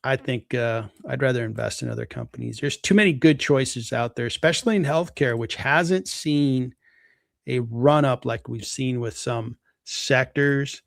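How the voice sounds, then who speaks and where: A man's voice: mid-range voice, normal speed, gravelly, no echo, studio quality. A man hosting a live stream, walking casually through a company's stock valuation and thinking aloud as he goes. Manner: relaxed, thinking aloud with fillers. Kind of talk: casual stock analysis talk.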